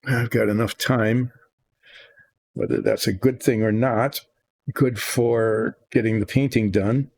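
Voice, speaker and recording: Recorded dry, an older man's lowish, gravelly, somewhat dark voice moves slowly with fairly even intonation. He hosts a miniature painting video, chatting in a meandering, self-deprecating way while he works.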